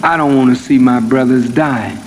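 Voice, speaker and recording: A male minister preaching a sermon, his voice building to high, emphatic peaks. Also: normal speed. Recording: archive sermon in reverberant hall, faint noise.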